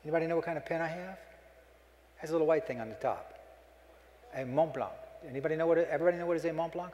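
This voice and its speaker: On a stage microphone in a conference hall, a middle-aged man delivers a humorous keynote as a folksy, joking storyteller. His voice is a little high and a little mellow, and the live recording echoes around the hall.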